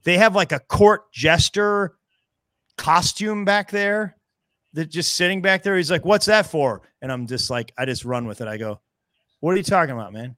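A man's voice: fairly high pitch, normal speed, no room sound, studio quality. A man in his fifties from the American Midwest, a comedian telling stories in casual chat and acting out the dialogue. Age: 50s. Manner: animated storyteller acting out dialogue in other voices. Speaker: guest comedian.

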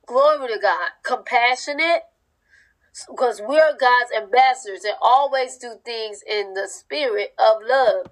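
Woman, fervent preacher, informal speech, emphatic, repetitive, higher pitch. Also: unhurried, low-quality recording. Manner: informal speech with dropped verb endings. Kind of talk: sermon-style teaching.

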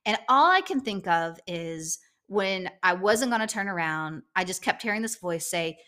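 A middle-aged woman co-hosting a podcast, telling a story in a casual chat and acting out the quotes with big jumps in pitch. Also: lively intonation, normal speed, sharp tone. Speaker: podcast co-host.

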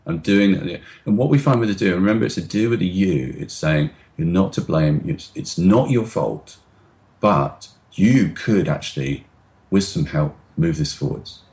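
Very deep-voiced man explaining calmly. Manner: demonstrative, acts out anxious voices and slows down on purpose. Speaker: guest expert. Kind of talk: explanatory interview talk.

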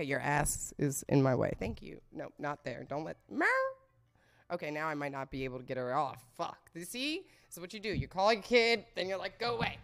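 Profane, animated woman joking around. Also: lowish voice. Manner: profane, rambling, jokey. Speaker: host of a comedy show about sex. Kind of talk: casual comedic monologue.

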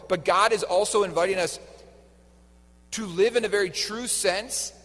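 A man preaching a homily with a fairly high voice, talking casually and tossing questions at the congregation. His words ring out in a large, echoing church hall. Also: a bit bright. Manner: conversational, quizzes the congregation. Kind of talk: sermon.

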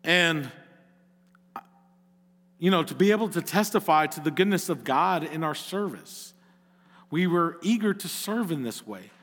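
A man's voice: a little high, animated, unhurried, long pauses, fairly bright tone, big-room sound. A middle-aged male pastor preaching a sermon, earnest and at times rising to emphatic exhortation.

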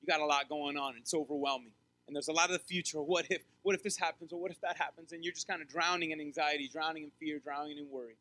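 Bright high-pitched preaching man. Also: fairly even intonation, fast talker. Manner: emphatic, repetitive preaching, drops to soft intimate tones. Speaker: pastor. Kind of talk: sermon.

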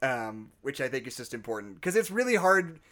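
A man's voice: mid-range voice, very animated, brisk, a bit bright. A man co-hosting a podcast, chatting casually about a movie, rambling, swearing and laughing often. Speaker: podcast co-host. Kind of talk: casual movie review chat.

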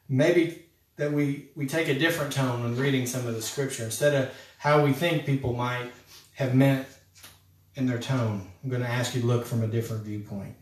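A man preaching a sermon as a pastor, talking in an earnest, conversational way and addressing listeners as friends. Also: mid-range voice. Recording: echoey room, voice from a distance.

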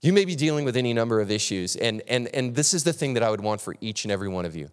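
A man in his thirties preaches with lively, animated delivery, often restarting his sentences and acting out quotes in other voices. His medium-pitched voice carries a long reverb from a large hall. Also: racing, clear, resonant tone. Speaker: pastor. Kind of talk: sermon.

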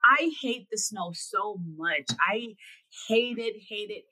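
Bright husky-voiced woman chatting. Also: medium pitch, slow, rough recording. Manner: animated, emphatic, talks things through. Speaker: podcast co-host. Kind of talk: casual chat.

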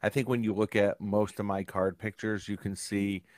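A man joins a casual chat as a guest and talks in a laid-back way. His voice sits low. The recording is dry and close, over a video call. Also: flat delivery, moderate pace, darkish tone, no room sound. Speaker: podcast guest.

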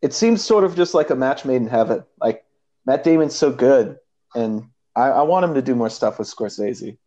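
A man's voice: mid-range voice, expressive, moderate pace, mellow, muffled recording. A man co-hosting a casual podcast about a movie, rambling with many fillers and restarts. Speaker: podcast co-host.

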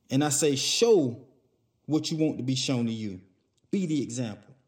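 Man preaching a scripture sermon. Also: a little high. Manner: reads scripture aloud and explains it, with repeated exhortations.

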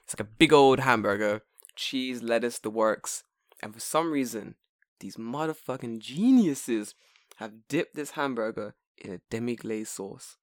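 A man co-hosting a casual podcast, telling stories with lots of swearing and leaping into high mock voices when he quotes himself. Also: a little slow, no room sound, clean studio sound. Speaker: podcast co-host. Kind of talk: casual chat.

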